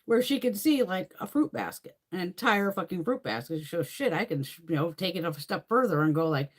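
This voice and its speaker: Animated woman swearing through a rambling chat. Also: fairly low pitch, brisk. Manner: reads and answers viewer comments. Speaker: beauty video creator. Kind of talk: casual live-stream chat.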